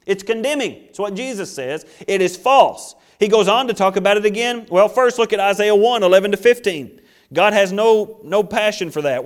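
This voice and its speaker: High-voiced preacher man, dramatic. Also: moderate pace. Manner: preaching with acted-out voices and dramatic pitch swings. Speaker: pastor. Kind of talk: sermon.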